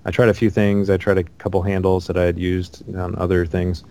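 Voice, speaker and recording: A man's voice: deep voice, flat delivery, fairly quick, warm tone, clear, resonant tone. A man in casual conversation about video games, rambling with many ums and restarts.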